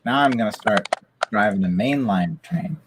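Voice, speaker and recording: Male co-host, casual and wry, expressive mid-range voice, light hiss behind. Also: fairly low pitch, normal speed. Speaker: livestream co-host. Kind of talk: casual livestream chat.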